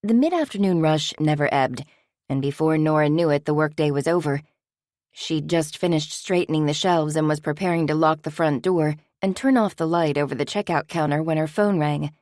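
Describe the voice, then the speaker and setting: This is scripted audiobook narration by a deep-voiced woman who tells the story in an even, measured manner. The studio-quality recording has no room sound.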